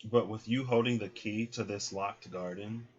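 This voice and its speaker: A man's voice: lowish voice, fairly even intonation, moderate pace, husky, highs cut off. A man giving a casual, chatty tarot reading, full of fillers and acted-out quotes. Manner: chatty, filler-heavy, acts out voices in quotes. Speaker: tarot reader.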